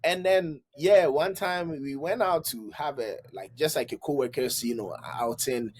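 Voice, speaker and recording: Speaking a little slowly in a slightly rough, medium-pitched voice, a man co-hosting a podcast chats casually. He spins animated stories, imitating the voices of the people in them.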